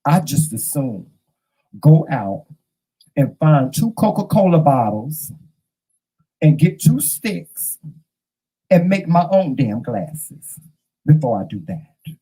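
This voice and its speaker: A man hosting his own show, telling stories to camera in a casual, animated and profane way. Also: fairly high pitch, slow pace, pauses often, slightly rough, poor audio. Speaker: host.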